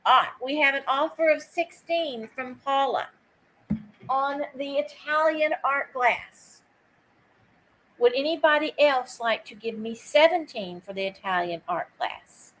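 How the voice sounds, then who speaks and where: A woman's voice: sits high, measured pace, fairly bright tone, a little hiss or hum, poor audio. A woman hosting a live online vintage sale. She chats casually, greets viewers by name while she takes bids, and drops easy asides. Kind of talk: live-stream auction chat.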